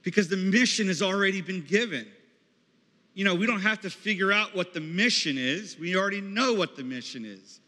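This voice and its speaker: A slightly high, pushed, bright male voice delivers a conversational sermon in a hall with plenty of echo. The speaker runs a campus ministry and calls on members of the audience.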